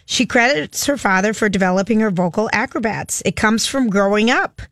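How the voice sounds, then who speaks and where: Female chat-show co-host, wry and quick, mid pitch, dry studio sound. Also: a bit bright, no echo. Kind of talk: casual entertainment chat.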